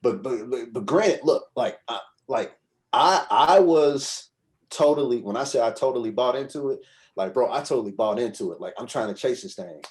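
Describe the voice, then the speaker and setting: A man's voice: mid-range voice, expressive, moderate pace, a little mellow. A man as a podcast guest, telling a story in a rambling, conversational way and often checking in with his listener. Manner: rambling, conversational, frequent "you know what I'm saying". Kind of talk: casual storytelling.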